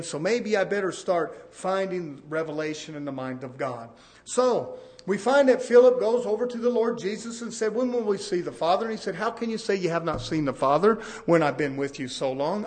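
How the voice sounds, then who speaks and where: A man preaching a sermon, swinging from loud to hushed. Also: high voice, animated, normal speed.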